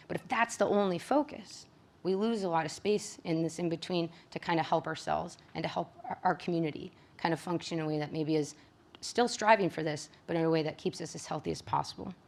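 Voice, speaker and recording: Conversational woman psychologist, lowish voice. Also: brisk. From Michigan. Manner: conversational, frequent tag questions. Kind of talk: presentation to caregivers.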